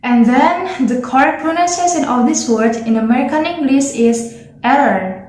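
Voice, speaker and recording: A woman's voice: sits high, normal speed, darkish tone. A young woman from Indonesia, a student giving a careful, explanatory class presentation on pronunciation. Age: young adult. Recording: echoey room.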